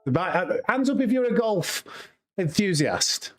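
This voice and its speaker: With faint music playing behind him, a man with a high, very animated voice talks in an unhurried way. He's a Yorkshire sim racing streamer who chats and rambles to his live audience while playing, laughing easily along the way.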